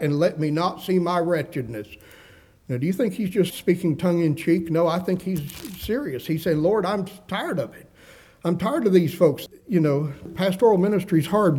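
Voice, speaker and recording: A man's voice: a little high, warm tone. A male pastor preaching a sermon, reading scripture aloud and acting out the quoted voices with rising emphasis.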